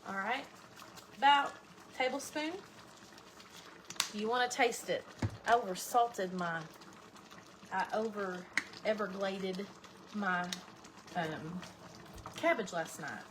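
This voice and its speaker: A woman's voice: medium pitch, takes it slowly, long pauses. A middle-aged woman, chatting folksily to viewers while cooking in her home kitchen. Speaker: cooking vlogger. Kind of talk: casual cooking livestream chat. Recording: audible background noise.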